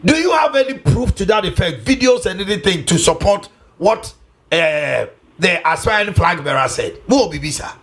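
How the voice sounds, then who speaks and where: A man with a Ghanaian accent hosts a political talk show with emphatic, animated questioning. His voice sits high and swings widely in pitch, and his tone is bright. He talks in a mix of English and Twi. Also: normal speed.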